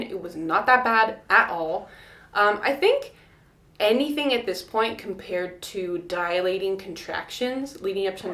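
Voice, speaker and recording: A young woman telling a personal story to camera in a casual, animated way, laughing often and acting out quotes. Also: mid-range voice. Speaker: vlogger. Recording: echoey room.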